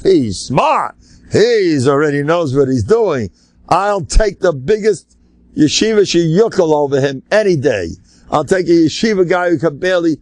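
Emphatic older rabbi, high-pitched. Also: male voice, a little mellow, no room sound. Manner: emphatic, rambling, sprinkles Yiddish and Hebrew terms. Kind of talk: animated Torah lecture.

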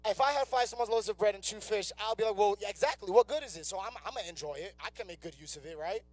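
A man's voice: high voice, fast, no room sound. A young man preaching a conversational sermon as youth pastor, acting out people's doubts in their own words. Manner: conversational preaching, acts out inner voices. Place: church sanctuary.

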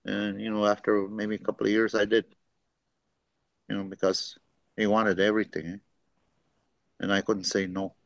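A man teaching through unhurried stories, full of fillers and the tag "eh?". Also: fairly low pitch, monotone, creaky, dry recording. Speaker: language teacher. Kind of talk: storytelling teaching talk. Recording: dry, dull lo-fi recording.

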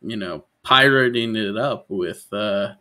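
A man's voice: on the low side, slow, bright, forceful tone. A man co-hosting a podcast, asking short questions in casual chat. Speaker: podcast co-host.

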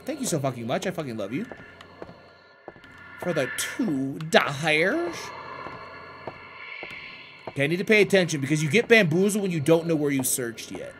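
A man's voice: a little high, big pitch swings, moderate pace, pauses often, fairly bright tone, faint music behind. A man streaming a horror game live, bantering with chat in a hyped, profane, teasing way.

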